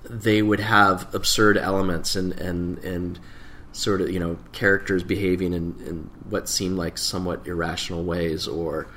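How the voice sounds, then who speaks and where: A middle-aged man chatting as a guest, talking haltingly with lots of fillers and restarts. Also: low voice, flat delivery, a bit bright. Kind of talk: casual conversational interview.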